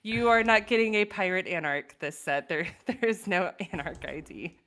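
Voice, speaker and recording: Casting note: woman, low-ish pitch, relaxed livestream chat, thoughtful, frequent fillers. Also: moderate pace. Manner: thoughtful, laughs often, many "um"s. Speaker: guest artist.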